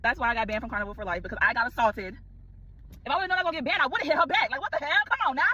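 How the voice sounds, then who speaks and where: A woman telling a story to the camera in animated casual chat, calling out to viewers. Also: sits high, racing, breathy edge, lo-fi sound. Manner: animated, exclaiming, addresses viewers as y'all.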